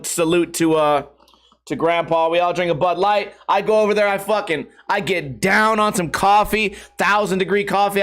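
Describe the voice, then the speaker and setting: A man's voice: high-pitched, fairly bright tone. A man hosting a podcast, telling a rambling, profane story with frequent laughter. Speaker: podcast host. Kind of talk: casual storytelling monologue.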